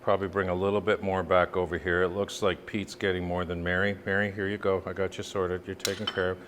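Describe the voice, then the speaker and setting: A man cooking and demonstrating a recipe as a chef, chatting with jokes and lively asides. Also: low-pitched, quick pace. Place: kitchen, cooking at the stove. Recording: sizzle and kitchen noise. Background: sizzling pan.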